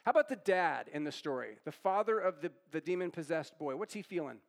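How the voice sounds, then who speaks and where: A man with a high voice gives a conversational sermon. He keeps asking his listeners questions, echoes their answers back and tags his points with "right?". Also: lively intonation, fairly quick, vocal fry. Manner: asks the audience questions and repeats their answers. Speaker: pastor. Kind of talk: interactive sermon.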